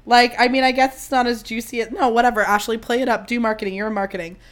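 A woman hosting her podcast solo, chatting casually and mocking herself, her voice strained and squeaky. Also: fairly even intonation, fast. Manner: chatty, self-mocking, swears freely. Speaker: podcast host.

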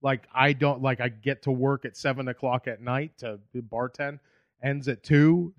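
A man in his thirties with a Boston accent talks as a comedian guest on a podcast. He rambles through stories and swears freely. His voice sits at a middling pitch, and the recording is dry and slightly muffled. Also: fairly even intonation, a little slow, dry recording. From Boston area, USA. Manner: profane, rambling storyteller. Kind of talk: casual podcast chat.

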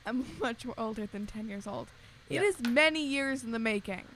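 A woman's voice: a little high, normal speed, a bit bright. A young woman co-hosting a podcast, rambling animatedly in casual chat with lots of filler words. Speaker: podcast co-host.

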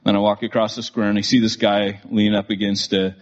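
Brief: male podcast host, husky, animated storyteller, dull lo-fi recording. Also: fairly low pitch, quick pace. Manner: animated, many fillers and restarts.

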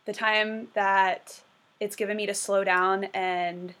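A woman's voice: medium pitch, little pitch movement, takes it slowly, a bit bright. A woman in a casual chat with friends, talking reflectively and laughing easily.

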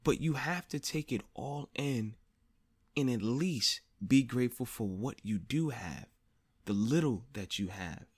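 A man speaking on his own podcast in a blunt, profane monologue, often circling back to the same phrase. His voice sits at an ordinary middle pitch and climbs louder and higher when he drives a point home. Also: animated, measured pace, breathy edge. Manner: blunt, swears often, repeats phrases for emphasis. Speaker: podcast host. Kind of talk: personal monologue.

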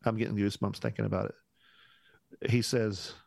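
A pastor with a lowish, gravelly voice tells a story casually in a podcast conversation, speaking at normal speed with no echo. He's an animated storyteller who acts out what people said, says "man" a lot, and restarts his sentences.

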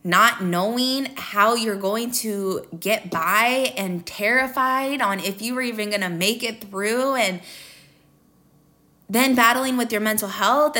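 Bright-voiced emotional woman podcaster. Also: a little high. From American Midwest. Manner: emotional, candid, addresses listeners as "you guys". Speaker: podcast host. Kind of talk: confessional podcast monologue.

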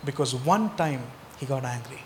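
A man's voice: medium pitch, animated, moderate pace, in a large hall, a little hiss or hum. A male pastor delivering a sermon, asking the congregation rhetorical questions and stressing key points.

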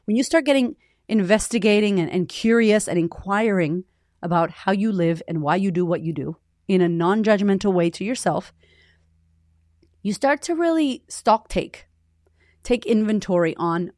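A woman in her thirties, a podcast host and coach, giving a candid, high-energy motivational talk full of swearing. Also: lively intonation, normal speed, darkish tone, no room sound, studio quality.

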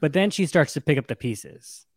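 A young man co-hosting a casual chat, retelling a story with lively, acted-out quotes. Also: a little high, moderate pace, slightly rough, dry recording. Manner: animated, acts out quotes with shifts in voice. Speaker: podcast co-host recapping a novel.

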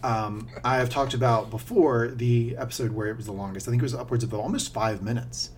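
A man co-hosting a podcast, chatting casually in a rambling, animated and self-deprecating way, quick to laugh. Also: mid-range voice, a little hiss or hum. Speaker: podcast co-host. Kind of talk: casual chat.

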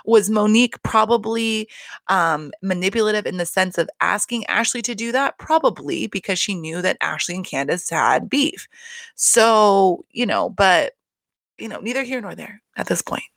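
A woman's voice: mid-range voice, animated, normal speed, gravelly, a bit bright, dry recording. A woman hosting a casual reality TV recap, talking bluntly with constant swearing and exasperated rants. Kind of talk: casual profane recap chat.

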